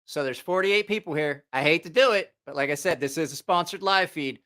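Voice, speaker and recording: A man's voice: on the high side, brisk, sharp tone, a little hiss or hum. A man hosting a live stream, telling a rambling, profane story in a casual way and laughing at his own jokes.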